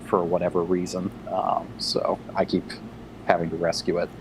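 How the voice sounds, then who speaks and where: Young adult male co-host, low-pitched, upbeat chatter, phone mic with audible background noise. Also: monotone, moderate pace. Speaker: livestream co-host, lore writer. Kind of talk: casual livestream chat.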